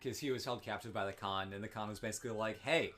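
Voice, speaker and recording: A man's voice: fairly low pitch, steady tone, racing, fairly bright tone, faint music behind. A man playing a game on stream, chatting with co-hosts in wry, joking banter. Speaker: player and co-host of a gameplay stream. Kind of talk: casual chat while playing a game.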